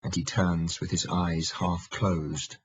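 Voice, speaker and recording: A man narrating a historical audiobook in a measured, steady manner. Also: low-pitched, breathy edge, dry recording, muffled recording. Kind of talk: scripted narration.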